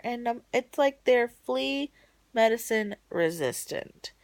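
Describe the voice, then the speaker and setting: A woman vlogging a casual video diary from home late at night, rambling and emotional, swinging between bright excitement and soft low murmurs. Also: a little slow, dry recording.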